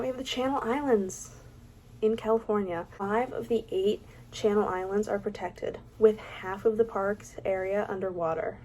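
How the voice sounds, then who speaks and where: A woman's voice: mid-range voice, a little mellow. Chatty young woman vlogger. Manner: chatty and opinionated, with self-mocking asides. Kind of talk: casual ranking vlog, reading facts aloud.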